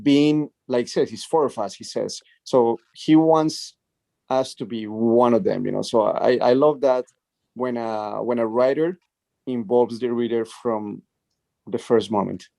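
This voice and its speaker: A man talks eagerly about a book in a relaxed discussion, with lots of "you know" fillers. His voice is mellow and dark. The recording is dry and close, with no room sound. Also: medium pitch, measured pace, gravelly, no room sound.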